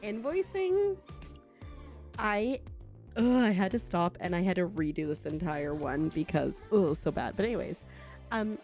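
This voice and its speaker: A woman's voice: fairly low pitch, lively intonation, a little mellow, faint music behind. A young woman from Canada, a streamer telling stories in a rambling, casual chat full of fillers and little laughs. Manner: chatty, rambling, quick laughs and lots of fillers. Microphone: studio desk mic.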